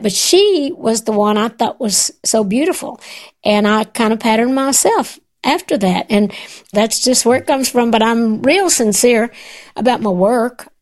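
A woman's voice: on the high side, a little mellow. An older woman speaking as an interview guest in a folksy, self-deprecating, candid way.

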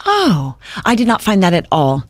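A middle-aged woman actor talks openly in a radio interview, thoughtful and quick to laugh. Her voice sits in an ordinary middle register. The sound is close and dry, with no room around it. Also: medium pitch, wildly swooping pitch, no room sound. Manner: reflective, candid, laughs easily. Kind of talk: relaxed interview conversation.

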